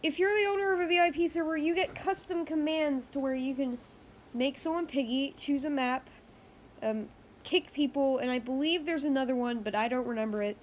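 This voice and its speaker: A woman's voice: high-pitched, a little fast, a little hiss or hum. A woman hosting a casual gaming news roundup, chatty and rambling, often correcting herself mid-sentence.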